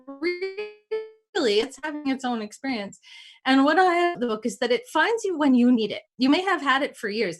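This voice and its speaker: A woman hosting a casual talk, telling stories in an animated way and acting out the dialogue. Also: fairly high pitch. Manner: animated, acts out quoted dialogue. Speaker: host.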